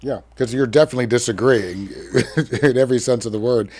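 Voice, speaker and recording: A man's voice: mid-range voice, fairly quick, a little mellow, dry recording. Laid back guy hosting a podcast, dry close sound, just chatting. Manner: easygoing, affirming interviewer. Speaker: podcast host. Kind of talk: casual interview.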